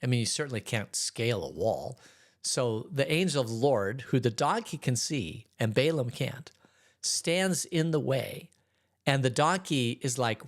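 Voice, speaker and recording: A man who is a pastor, giving a relaxed, conversational Bible teaching in church, reading scripture aloud and retelling it in everyday words. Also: mid-range voice, a little slow.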